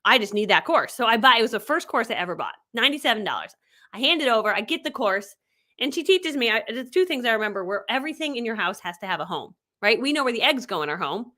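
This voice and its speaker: Woman, business coach, motivational talk, bright tone, fairly high pitch, animated storytelling. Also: fast. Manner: animated storytelling, acting out quotes.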